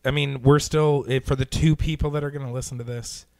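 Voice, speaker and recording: A man's voice: medium pitch, steady tone, brisk, gravelly, a little mellow, dry recording, studio quality. A man co-hosting a podcast in casual chat, laid-back, swearing and chiming in. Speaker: podcast co-host.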